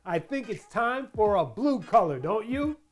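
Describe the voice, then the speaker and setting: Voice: medium pitch, very animated, measured pace, soft background music. A crafting channel host giving a chatty tutorial voice-over, playful and full of asides and questions to the viewers.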